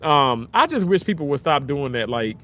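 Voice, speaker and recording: A man casually chatting on a livestream outdoors by the water, reading out comments, rambling with many restarts and sudden jumps up in pitch when excited, on a phone held at arm's length. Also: moderate pace. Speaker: livestream host.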